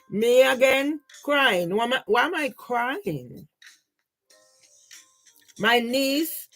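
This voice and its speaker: An older woman vlogger with a medium-pitched voice goes through her personal photos casually in a rough recording. Her talk is rambling, grieving and aggrieved, and she keeps checking in with the listener by asking "yeah?"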